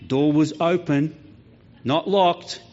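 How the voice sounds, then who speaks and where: Speaking slowly in a voice on the high side, this pastor tells stories through his sermon and performs the voices with lively energy. The sound is lo-fi and somewhat dull.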